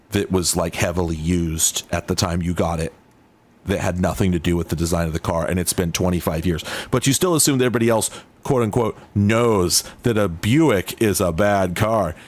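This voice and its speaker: A man hosting a casual video, talking to himself as he plays old computer games, rambling and sardonic, often cutting himself off mid-sentence. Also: sits low. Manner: rambling, sardonic, self-interrupting. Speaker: host. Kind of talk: casual commentary while playing retro games.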